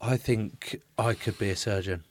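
An English man in his thirties hosting a podcast, telling a story in lively, sweary, casual chat. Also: lowish voice, unhurried, noisy background. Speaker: podcast host.

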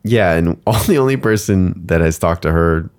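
A man's voice: deep voice, animated, normal speed, a little mellow. A man co-hosting a podcast, chatting casually and animatedly about reality TV gossip, exclaiming and throwing in mocking impressions. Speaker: podcast co-host.

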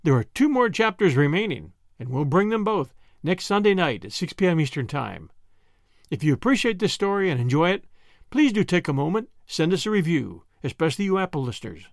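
Man narrating a story, animated delivery, slightly high voice, dry close sound. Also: brisk, no room sound. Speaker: audiobook narrator and podcast host.

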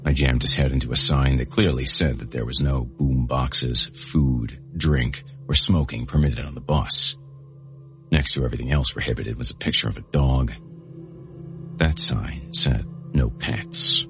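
Very deep-voiced man narrating gritty horror. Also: steady tone, moderate pace, fairly bright tone, soft background music. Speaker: host and narrator. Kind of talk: audiobook narration of a horror novel.

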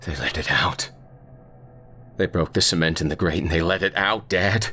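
A man's voice: sits low, normal speed, pushed and bright, faint music behind, voice pushed up. A man voicing a frightened young man who speaks nervously and stammers.

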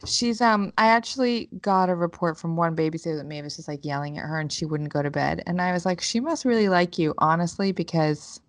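A woman's voice: lowish voice, fairly quick, hardly any pauses, no room sound. A woman co-hosting a podcast in casual chat, telling parenting stories candidly and swearing freely. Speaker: podcast co-host.

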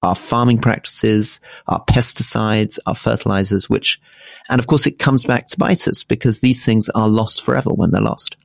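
A middle-aged man co-hosting a political podcast, explaining current affairs in a measured way with frequent restarts. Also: on the low side, fairly even intonation, vocal fry, no room sound, clean studio sound. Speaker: podcast co-host. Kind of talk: casual political discussion.

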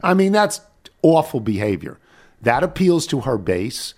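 An older man hosts a talk radio show in a lively, swooping voice. He rants indignantly and fires off rhetorical questions in easygoing banter. His pitch climbs and falls all the way through. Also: measured pace, gravelly.

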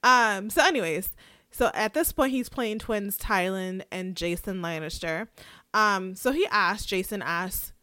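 A woman hosting a podcast, casually recapping a show episode in a chatty, animated way with slang. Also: mid-range voice, a little slow, no room sound, clean studio sound. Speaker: podcast host.

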